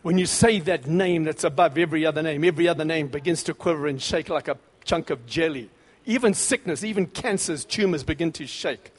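A man preaching a sermon with fervent, emphatic bursts, then dropping into quieter scripture reading. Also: on the high side, a little fast, husky. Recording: long reverb of a large hall.

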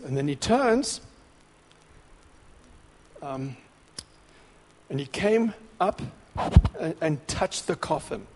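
A man preaching a sermon, dramatic, dropping to a hush and then rising to shouts. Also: a little high, expressive, slow, long pauses. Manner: dramatic, swings between hushed and shouting. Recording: long hall reverb.

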